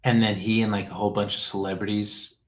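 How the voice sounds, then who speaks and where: A man's voice: lowish voice, little pitch movement, quick pace, low-quality recording. A man hosting a casual chat show, talking in a rambling, heartfelt way that trails off and restarts often.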